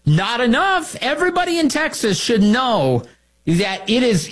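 A man's voice: very high voice, very animated, measured pace, a bit bright. A man hosting opinionated political commentary, sarcastic, indignant and emphatic in his delivery.

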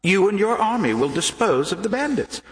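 An actor playing a scheming, menacing male tempter in an audio drama, slow and commanding, dropping to a hush and rising loud. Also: high-pitched, very animated. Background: music.

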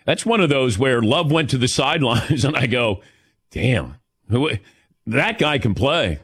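A man's voice: medium pitch, very animated, a little slow, a bit bright, slightly rough. A middle-aged man hosting a sports talk radio show, chatting casually and joking as he takes callers.

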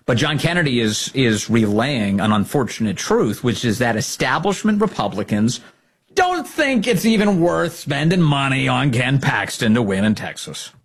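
A man's voice: mid-range voice, sing-song, normal speed, husky. A man giving sarcastic, mocking political commentary as a host.

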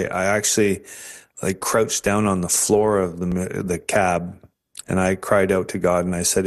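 A man from Canada telling his conversion story as an interview guest, earnest and emotional, with many restarts. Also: fairly low pitch. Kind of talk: personal faith testimony.

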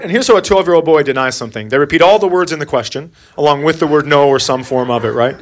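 Wry middle-aged comedian, slightly high voice. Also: male voice, fast, few pauses. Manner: wry, exasperated dad voice. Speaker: stand-up comedian. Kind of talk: stand-up storytelling to a live crowd. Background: audience laughter.

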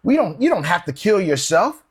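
A man acting out an impulsive disciple who pleads in a high, lively voice that leaps up and down. The voice is husky and pushes forward with urgency, as though trying to talk someone out of a plan. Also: brisk, exaggerated voice. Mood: urgent, protesting. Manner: excited, pleading, rising pitch.

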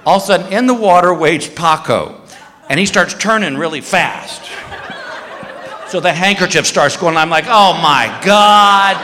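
A man's voice: a little high, normal speed, background noise. A man telling a story in a stand-up routine, acting out the voices of the people in it. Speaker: stand-up comedian. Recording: live show in a reverberant hall.

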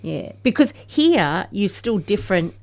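A woman's voice: mid-range voice, sing-song, measured pace. A woman with an Australian accent, chatting as a guest and often trailing off mid-sentence. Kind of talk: casual radio chat.

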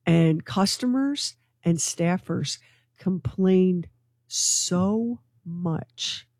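A woman co-hosting a morning radio show, telling a news story to her co-hosts in an excitable, gossipy way. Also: on the low side, drawn-out words, no echo. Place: radio studio.

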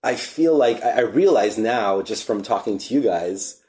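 Man, low voice, easygoing chat, casual cursing. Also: expressive, normal speed, warm tone. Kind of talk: casual conversation among friends.

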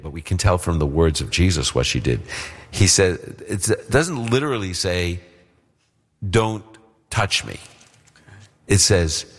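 Man, very low voice, long reverb, plainspoken Bible teacher for radio call-in Q&A. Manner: plainspoken, explanatory, checks for understanding.

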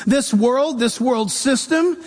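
A man preaching a sermon as a pastor, animated and shifting voices as he makes his points. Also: very high-pitched, slow pace, in a large hall.

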